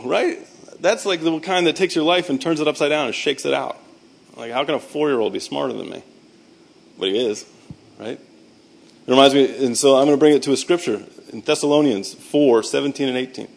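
A man in his thirties, a military veteran giving a faith talk. He tells animated, self-mocking stories, makes sound effects with his voice, and quotes scripture. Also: medium pitch, fairly quick, gravelly. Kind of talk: storytelling speech with scripture.

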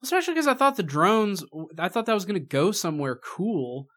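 A man's voice: sits high, brisk. Mocking man griping about a film. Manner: mocking, animated, swears freely. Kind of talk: casual movie review chat.

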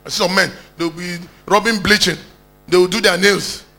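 A man's voice: high-pitched, steady tone, moderate pace, sharp tone. A Nigerian man preaching a sermon, exhorting the congregation and calling out for hallelujahs.

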